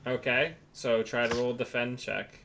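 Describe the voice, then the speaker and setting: A man's voice: medium pitch, level tone, normal speed, creaky, fairly bright tone, slight background noise. A man narrating a tabletop game as game master, describing scenes loosely with many fillers.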